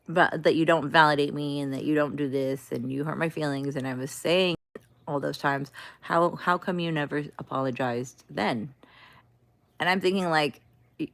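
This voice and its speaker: A woman chatting casually on a livestream, venting in an exasperated way and talking back to her chat. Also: sits low.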